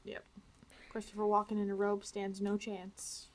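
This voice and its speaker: A woman's voice: medium pitch, monotone, normal speed. A woman co-hosting a casual movie-review podcast, joking at her own expense and asking questions. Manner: self-deprecating, jokey, asks questions. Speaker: podcast co-host.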